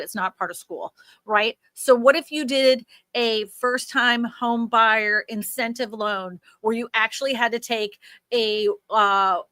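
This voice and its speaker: A woman's voice: fairly high pitch, pushed and bright, no echo, studio quality. A woman hosting a livestream, explaining things in a chatty way with many asides. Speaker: host. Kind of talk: casual livestream chat.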